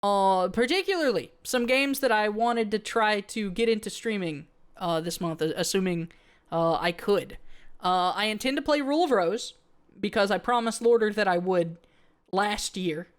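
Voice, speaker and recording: A woman streamer with a medium-pitched, expressive, clear and resonant voice chats casually with her live audience at a moderate pace. She rambles with many fillers and restarts, reading viewer comments aloud and answering them.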